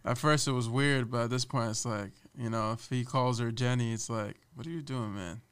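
A man's voice: medium pitch, moderate pace, clear, resonant tone. A young man, a podcast guest, chatting casually and animatedly, laughing often and mimicking others. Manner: animated storyteller, laughs often, mimics his boss loudly. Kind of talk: casual chat.

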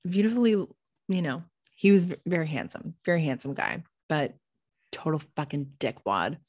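Low-voiced young woman telling a story. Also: moderate pace, no echo, clean studio sound. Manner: animated, swears freely, lots of "like". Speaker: podcast co-host. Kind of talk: casual storytelling chat.

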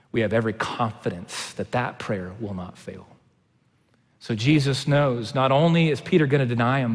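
A man preaching a sermon. He shifts between quiet, low passages and loud, impassioned stretches. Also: husky. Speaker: pastor. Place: church sanctuary. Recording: long hall reverb.

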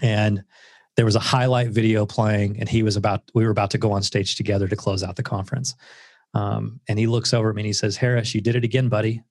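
Gravelly low earnest man. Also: flat delivery, fast, a little mellow, no echo, clean studio sound. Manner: earnest and reflective, with many filler words. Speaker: guest author. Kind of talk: casual interview storytelling.

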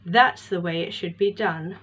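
Woman voicing a gruff old woodcarver. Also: fairly low pitch, a little slow, a bit bright. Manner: gruff, growls when angry. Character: harsh lonely old male woodcarver. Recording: slightly muffled with faint hiss.

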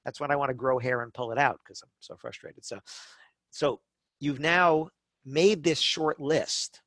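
A middle-aged man talking as a podcast guest, telling lively stories, acting out customers and often checking in with "right?". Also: mid-range voice, measured pace, no room sound. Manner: animated storytelling, acts out customers, frequent "right?" tags. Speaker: guest speaker on wedding business. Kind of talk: conversational podcast talk.

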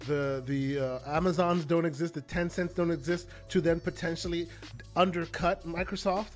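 A man co-hosting a gaming podcast, agreeable and quick with affirmations, with faint music behind. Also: fairly high pitch. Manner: agreeable, frequent backchannel affirmations. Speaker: podcast co-host. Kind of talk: casual gaming chat.

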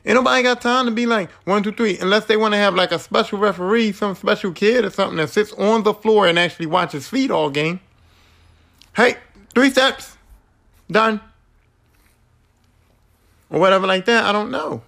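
A man's voice: sits high, fast, creaky, few pauses, a bit bright. A man hosting a solo podcast, ranting in a casual way, firing off rhetorical questions and swearing freely. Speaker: podcast host. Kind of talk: solo opinion podcast monologue.

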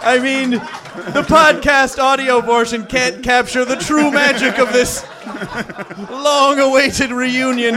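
A man's voice: very high voice, level tone, slow. A man hosting a live panel, joking sarcastically and taking audience questions. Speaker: host. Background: audience crowd.

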